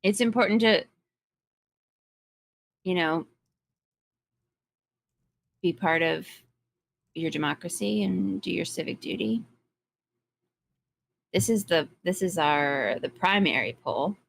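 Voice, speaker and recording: A woman's voice: on the low side, expressive, slow, gravelly, long pauses, no room sound. A woman co-hosting a game stream, joking around in casual banter. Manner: playful, joking.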